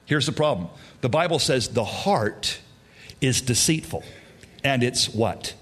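A man's voice: mid-range voice, animated, measured pace, a bit bright, breathy edge. A man preaching a sermon in an emphatic, repetitive way. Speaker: pastor.

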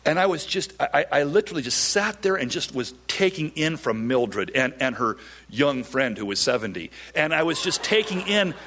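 A middle-aged man, a pastor, telling a story in an animated sermon, often repeating his words. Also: a little high, moderate pace.

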